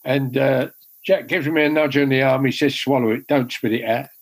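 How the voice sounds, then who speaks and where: A man's voice: medium pitch, fairly even intonation, moderate pace, low-quality recording. An older man, a former goalkeeper telling rambling, self-deprecating stories with many restarts. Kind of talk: casual anecdote telling.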